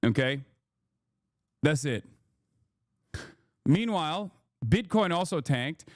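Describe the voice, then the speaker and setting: Animated yet slow-paced, a man with a fairly high voice comments on a news clip during a stream, recorded in clean studio sound with no echo. The casual political talk is laced with swearing and sarcasm, and he mocks those he quotes by imitating them.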